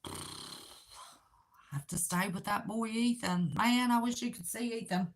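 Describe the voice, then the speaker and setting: A woman's voice: on the high side, unhurried. A tired, chatty middle-aged woman from Southern West Virginia with her own accent, rambling through a casual livestream and reading viewer comments aloud. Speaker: livestream host.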